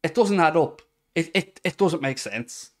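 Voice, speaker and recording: A man's voice: on the high side, lively intonation, a little slow. Heated, ranting man. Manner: heated, emphatic, sarcastic. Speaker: podcast host. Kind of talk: passionate football rant.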